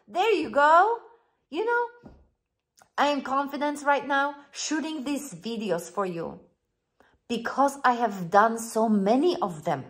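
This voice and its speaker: A woman's voice: high-pitched, fairly bright tone. A woman life coach, speaking English as a second language, giving an earnest, encouraging motivational talk straight to her viewers. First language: not English. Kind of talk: motivational monologue to camera.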